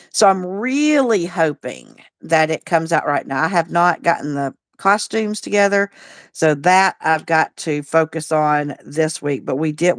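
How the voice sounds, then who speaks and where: Greeting viewers by name, this livestream host talks in a chatty, folksy manner with a fairly low-pitched voice. The recording is dry and studio quality.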